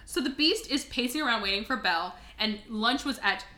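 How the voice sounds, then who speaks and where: A woman hosting a podcast, recapping a movie in an animated, profane and playful way. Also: a little high, brisk, echoey room. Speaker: podcast host. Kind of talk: casual movie recap chat.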